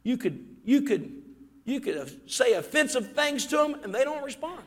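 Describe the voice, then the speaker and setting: A man preaching a fervent sermon as pastor, swinging between shouted peaks and quiet, low asides. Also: sing-song, normal speed. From Ohio. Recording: reverberant church hall.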